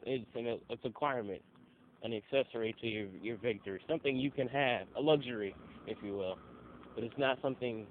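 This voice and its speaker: A young man telling casual stories, loose and profane, acting out the people he quotes. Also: mid-range voice. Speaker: interviewee. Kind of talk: casual storytelling. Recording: phone-like audio with faint noise.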